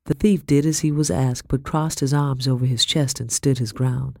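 A woman reading a first-person story aloud in a measured, grave way. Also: very deep voice, fairly even intonation, gravelly, a little mellow, no room sound, studio quality. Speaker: audiobook narrator.

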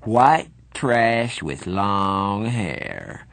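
A man voicing a drunk, sneering teenage gang bully who taunts in a slow drawl. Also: medium pitch, animated, no echo, voice pushed up.

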